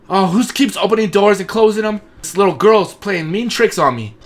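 A man commentating his own horror game playthrough, jumpy and excitable, swinging from nervous mutters to panicked yelps. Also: high-pitched, moderate pace. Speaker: gaming channel host.

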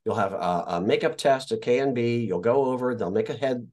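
A man's voice: mid-range voice, fairly quick, darkish tone. A man from Indiana, an actor and guest, telling stories casually in an interview, swearing freely and acting out the voices of people he quotes.

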